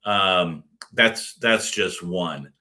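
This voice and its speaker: A man's voice: low-pitched, extremely slow, sharp tone. A middle-aged man giving a casual recorded lecture as a course instructor, rambling with many fillers and restarts.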